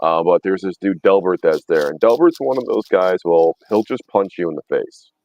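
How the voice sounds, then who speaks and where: A man's voice: deep voice, moderate pace, a little mellow, no room sound, muffled recording. A man in his thirties telling rambling, profane stories in casual chat, laughing often. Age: 30s. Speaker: podcast host.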